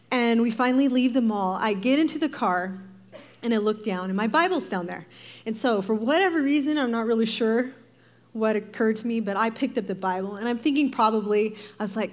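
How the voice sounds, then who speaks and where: A woman giving a devotional talk, telling a personal story in a lively, animated way, acting out voices and laughing often. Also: a little high, a little fast. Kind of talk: sermon-style personal storytelling.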